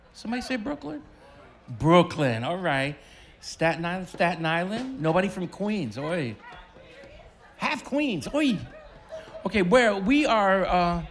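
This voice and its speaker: A bandleader acting as emcee jokes with and teases a festival crowd through a stage microphone, in live stage banter. His voice is high with a fairly bright tone.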